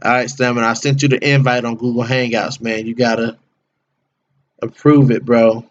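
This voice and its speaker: A man's voice: mid-range voice, little pitch movement, moderate pace, muffled recording. A man hosting a casual livestream, chatting with viewers by name in slangy, laid-back talk. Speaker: livestream host.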